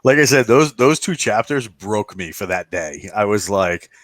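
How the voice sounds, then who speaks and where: A man hosting a podcast, upbeat in casual chat and quick to laugh. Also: on the low side, expressive, fairly bright tone, no room sound. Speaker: podcast host.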